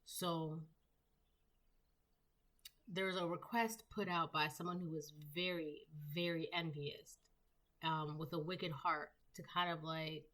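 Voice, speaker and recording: A woman with a low voice gives a casual tarot reading. She rambles, full of fillers and restarts. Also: steady tone, slow pace, long pauses, sharp tone. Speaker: tarot reader.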